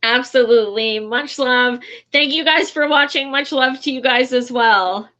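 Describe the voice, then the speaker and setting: A woman hosting a casual political chat show, bubbly and quick to laugh. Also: sits high, bright, forceful tone. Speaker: podcast host.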